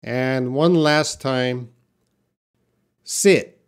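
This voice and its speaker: Casting note: male English teacher on a webcam stream, unhurried delivery, mid-range voice, drawn-out example words. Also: mid-range voice, expressive, darkish tone. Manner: slow, drawn-out example words, casual asides to viewers. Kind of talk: live online pronunciation lesson.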